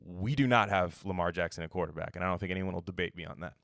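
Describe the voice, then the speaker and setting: A man's voice: deep voice, fast talker, gravelly, a bit bright, no room sound, clean studio sound. A young man hosting a casual sports commentary show, rambling, swearing and joking as he acts out coaches' quotes. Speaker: sports podcast host.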